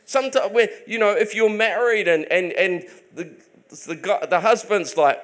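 A preacher with a notably high voice for a man talks through a sermon like a conversation. He stumbles over repeated starts and slips into casual asides in God's voice. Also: moderate pace, a bit bright. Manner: many repeated restarts.

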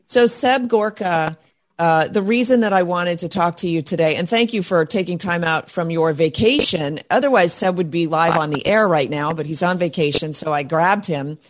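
Woman, talk radio host, low-pitched, emphatic, forthright. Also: normal speed.

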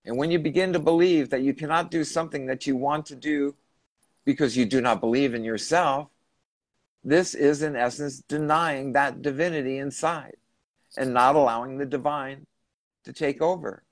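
A man's voice: medium pitch, fairly even intonation, moderate pace, no echo. Male podcast host, earnest storyteller, mid-range voice, dry recording. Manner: earnest, retelling and rephrasing questions. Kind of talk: recounting a channeling session.

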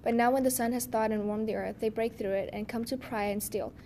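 Woman reading a gentle earnest bear, calm storybook voice. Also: a little high, fairly quick, slight background noise, close to an everyday voice. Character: gentle male bear, enchanted guardian.

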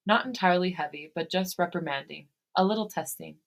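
A woman podcast host reading fan fiction aloud, steady in her reading and given to breaking into laughter. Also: lowish voice, brisk, creaky.

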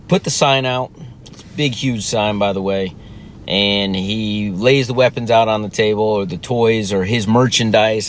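Man telling a family story over faint rumble. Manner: conversational, with frequent restarts and reported dialogue. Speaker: father telling a parenting story. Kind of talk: casual storytelling monologue.

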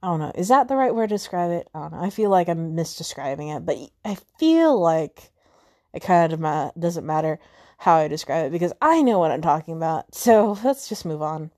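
A woman's voice: low-pitched, big pitch swings, brisk, darkish tone. A young woman hosting a podcast on her own, chatting casually and rambling with many fillers and self-corrections. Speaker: podcast host. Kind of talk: casual solo chat.

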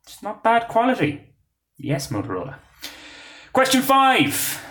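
A man's voice: very high-pitched, huge pitch swings, a little slow, fairly bright tone, reverberant. A man hosting a casual quiz podcast, joking between questions with lots of fillers. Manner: chatty, joking asides, frequent uh fillers. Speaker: quiz host. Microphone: phone.

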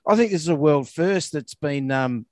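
A man with an Australian accent trades dry, teasing banter as a podcast co-host. His voice sits a little high, and the sound is dry and close, with no echo, recorded over a remote call. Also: lively intonation, normal speed, a little mellow. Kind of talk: casual chat.

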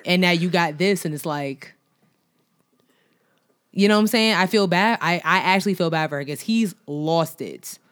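A woman's voice: on the low side, normal speed, a bit bright. A woman co-hosting a casual podcast, laid-back and chatty with a slangy way of talking. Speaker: podcast co-host. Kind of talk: casual chat.

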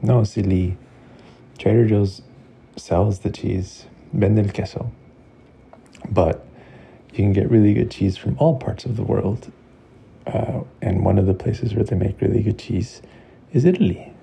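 A patient, gently teasing father in a bedtime story, voiced by a man. He explains things calmly in a low, dark, gravelly voice at an unhurried pace, with a faint hiss behind. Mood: amused.

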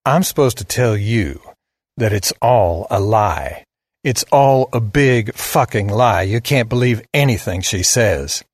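A man's voice: fairly high pitch, expressive, measured pace, no echo, clean studio sound, pitched above the performer's own voice. A man voicing a defiant, sneering teenage farm boy with a Southern drawl. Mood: urgent. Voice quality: drawling, cocky.

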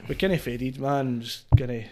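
A man's voice: mid-range voice, moderate pace, mellow. A Scottish man from Falkirk, a DJ guest telling stories in casual, sweary podcast chat. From Falkirk, Scotland. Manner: sweary, laughing storyteller.

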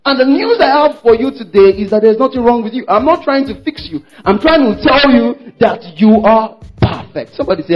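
A man's voice: high-pitched, expressive, fast talker, few pauses, husky. A man preaching a sermon to a congregation, emphatic and repetitive, calling for responses and acting out worshippers' quoted words. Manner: emphatic, repeats phrases, calls for congregation responses; acts out worshippers' quoted words in shifting voices. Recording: dull lo-fi sermon recording with faint music.

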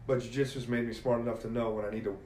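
A middle-aged man telling stories as a podcast guest, in an animated, emphatic way. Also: medium pitch, racing. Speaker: podcast guest, jiu-jitsu black belt. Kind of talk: casual storytelling conversation. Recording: echoey room with faint ambient noise.

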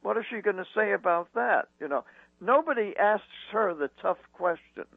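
A man on the phone as a talk radio guest, his voice sitting a little high. He piles up indignant rhetorical questions, pausing on ums and uhs. The line is thin and tinny, with no room sound. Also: lively intonation, gravelly, no room sound.

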